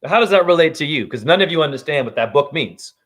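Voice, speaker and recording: A man delivering a heated, profane spiritual monologue that swings between loud outbursts and hushed asides. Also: a little high, animated, fast. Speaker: spiritual vlogger.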